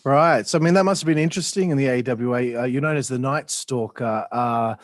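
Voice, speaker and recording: A man hosts a podcast interview, chuckling along with his guest before firing off short follow-up questions. His voice sits at a middle pitch and is recorded dry and close, with no room echo. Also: fairly quick. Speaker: podcast host.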